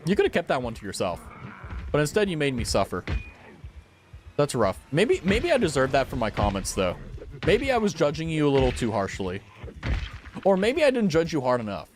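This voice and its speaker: Lively young man streamer chatting. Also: on the high side, brisk, long pauses, faint music behind. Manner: animated, swearing, talks to chat. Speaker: game streamer. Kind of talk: casual live-stream chat.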